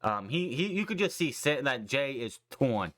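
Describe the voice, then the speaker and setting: A man's voice: mid-range voice, moderate pace. Rambling, swearing man recapping wrestling. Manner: excited, rambling, swears freely, acts out quotes. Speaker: podcast host.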